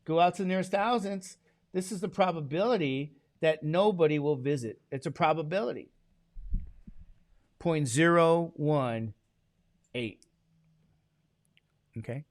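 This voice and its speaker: A man's voice: fairly high pitch, unhurried, long pauses, no echo, studio quality. Chatty male teacher lecturing a class. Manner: chatty, digressive, asks the class questions.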